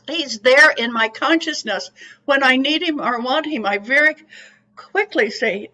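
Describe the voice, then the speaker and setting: Chatty older woman with a bright high voice. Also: normal speed, low-quality recording. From California, USA. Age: 80s. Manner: chatty, animated storyteller. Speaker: psychic medium. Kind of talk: storytelling talk to an audience.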